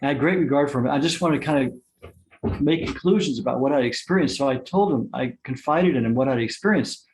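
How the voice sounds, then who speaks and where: A man giving a spiritual satsang talk, telling personal stories with soft laughs and frequent restarts. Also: medium pitch, fairly quick. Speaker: spiritual teacher.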